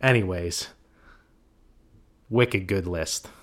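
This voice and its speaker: A man co-hosting a podcast in casual chat, animated and joking. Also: deep voice, very slow. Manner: animated and joking, with laughs and bits of quoting. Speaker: podcast co-host.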